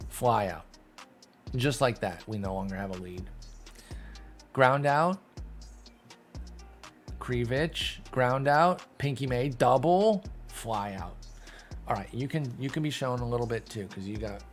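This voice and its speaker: A man giving casual play-by-play commentary over a sim baseball game, calling out results quickly and joking. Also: medium pitch. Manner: animated, quick call-outs, self-deprecating laughs. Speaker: gaming YouTuber.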